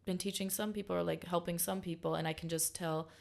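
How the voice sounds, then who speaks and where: A woman's voice: fairly low pitch, steady tone, fast, gravelly. A young woman chatting on a radio show, talking with many fillers and restarts. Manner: hesitant, lots of fillers and restarts. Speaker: radio panelist. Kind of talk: casual chat.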